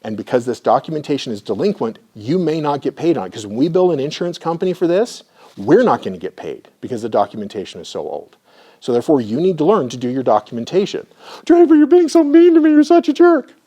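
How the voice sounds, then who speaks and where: Middle-aged male presenter, average pitch, anecdotal teaching style that keeps checking in with the audience. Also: very animated, quick pace, dark tone, slightly rough. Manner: storytelling, often checks in with the audience. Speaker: clinical supervisor and presenter. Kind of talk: conversational lecture with anecdotes.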